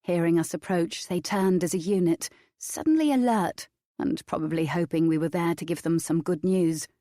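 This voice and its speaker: Mellow-voiced woman narrating an audiobook. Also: fairly low pitch, normal speed, no echo, clean studio sound. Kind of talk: scripted first-person narration.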